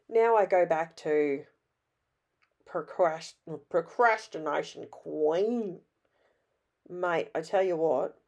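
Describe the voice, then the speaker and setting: A middle-aged Australian woman with a hoarse, raspy voice, chatting in a rambling, self-deprecating way as she narrates her scrapbooking. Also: low-pitched, a little mellow. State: hoarse from illness. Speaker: scrapbooking vlogger. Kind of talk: casual voice-over narration.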